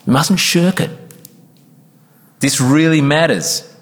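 A man's voice: on the low side, big pitch swings, moderate pace, vocal fry, long pauses. A man preaching a sermon as pastor, earnest and emphatic, sometimes acting out quoted congregation members. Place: church. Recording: church hall with long reverb.

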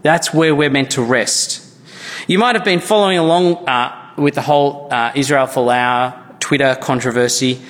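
A man's voice: mid-range voice, normal speed, a bit bright. A man, preaching a sermon as pastor in an earnest, conversational way with frequent restarts. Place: church. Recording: church hall with long reverb.

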